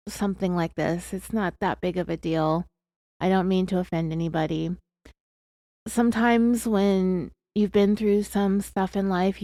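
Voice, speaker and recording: A woman's voice: mid-range voice, darkish tone, no room sound, studio quality. Chatty candid true-crime podcast woman. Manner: candid, confessional, chatty with frequent fillers. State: has hiccups. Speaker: podcast host.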